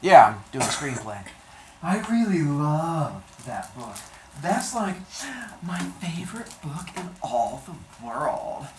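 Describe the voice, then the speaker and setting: A man putting on a breathy flirtatious starlet. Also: on the high side, very animated, takes it slowly, echoey room, slight background noise. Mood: flirty.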